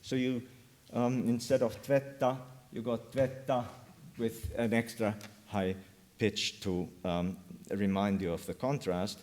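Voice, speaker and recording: An older man giving an academic linguistics talk at a conference in a university lecture room, pausing often with "um" and "uh" and lifting his pitch on key terms and examples. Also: steady tone, a little mellow. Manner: hesitant, many "um" and "uh" fillers.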